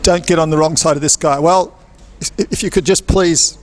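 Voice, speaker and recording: A man's voice: a little high, steady tone, normal speed. A man hosting a playful mock interrogation of cast members, teasing and theatrical.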